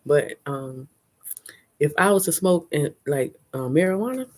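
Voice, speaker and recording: Low-voiced chatty woman streaming live. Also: lively intonation, unhurried. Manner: chatty and candid, laughs often, slangy. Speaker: vlogger hosting a live stream. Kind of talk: casual live-stream chat. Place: outdoors at a fair.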